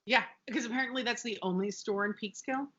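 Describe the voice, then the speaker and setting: A woman's voice: on the high side, fast, fairly bright tone, dull audio, slight background noise. A woman co-hosting a podcast, chatting casually and animatedly about a sitcom episode, with profane asides. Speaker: podcast co-host. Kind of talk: casual recap chat.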